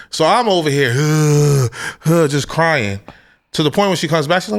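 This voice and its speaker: A man's voice: a little high, lively intonation, unhurried. Casual man telling family stories. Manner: storytelling, loose and profane, acts out family quotes. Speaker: podcast co-host. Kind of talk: casual podcast chat.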